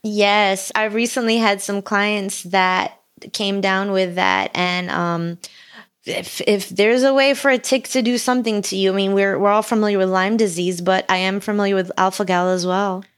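A woman co-hosting a podcast, upbeat and animated in casual conversation. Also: mid-range voice, normal speed, smooth. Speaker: podcast co-host. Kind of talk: casual chat.

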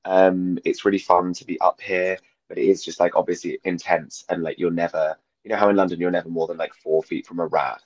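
A man's voice: sits low, little pitch movement, brisk, hardly any pauses, dry recording, lo-fi sound. A young man who has lost his voice, talking as a guest comedian over a video call, rambling and self-deprecating with lots of fillers. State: hoarse, losing his voice. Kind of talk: casual chat.

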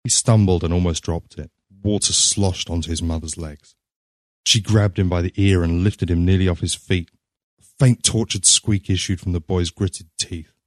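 A man reading a story aloud in a measured, grave narrating manner. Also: low voice, steady tone, no echo, studio quality.

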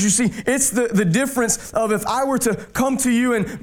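A man pastor preaching a sermon, dropping his voice low and slow on key words for emphasis. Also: lively intonation.

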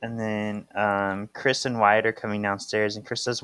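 Slow, bright-voiced man recapping a comic. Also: on the low side, little pitch movement, smooth, no echo. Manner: narrates panels and voices characters in brief quotes. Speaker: podcast co-host. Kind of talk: casual chat, reading a comic aloud.

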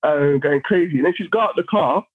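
A man telling a story on a podcast in a casual, animated way. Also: a little high, fairly quick. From London, England. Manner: animated, acts out other people's lines while telling stories. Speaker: podcast guest. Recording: phone-like narrow sound.

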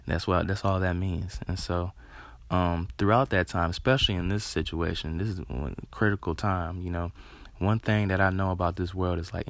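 A man with a very low, gravelly voice gives a rambling motivational talk. He is earnest and casual, leans on "you know", and swears freely. The sound is close and dry. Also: dry recording.

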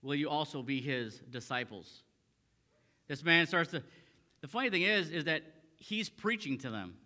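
A man's voice: a little high, expressive, normal speed, sharp tone, in a large hall. A man preaching a sermon as a pastor, reading scripture aloud and then restating it in plain talk with frequent fillers and repeated phrases. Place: church sanctuary.

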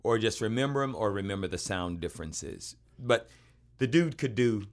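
A man hosting a casual chat, telling jokey stories in an animated way. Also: fairly low pitch, moderate pace. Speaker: host.

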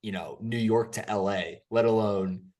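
A man co-hosting a sports podcast, talking excitedly and often breaking off and restarting his sentences. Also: fairly low pitch, unhurried. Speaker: co-host. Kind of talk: casual sports podcast chat.

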